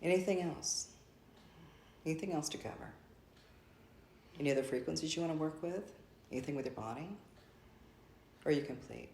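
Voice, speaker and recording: A woman's voice: low-pitched, fairly quick, vocal fry, long pauses, warm tone, echoey room, slight background noise. A woman channeling a spiritual message to a group, speaking as a collective "we" in a repetitive, effusive way.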